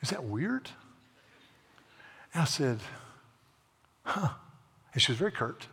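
Male Baptist pastor, husky, folksy storyteller turned emphatic preacher, echoing church sanctuary. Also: a little high, big pitch swings, takes it slowly, a bit bright. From South Carolina, USA. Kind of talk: sermon with storytelling. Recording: long reverb of a large hall.

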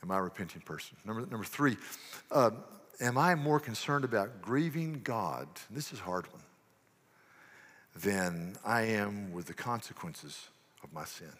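A man's voice: fairly low pitch, expressive, normal speed, fairly bright tone, breathy edge. A man preaching a sermon as pastor, earnest, asking rhetorical questions and often restarting his sentences. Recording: long church reverb.

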